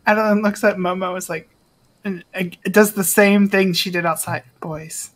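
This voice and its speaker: A player narrating her character's actions in a tabletop game, speaking softly and hesitantly. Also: mid-range voice, fairly even intonation, moderate pace. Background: faint background music.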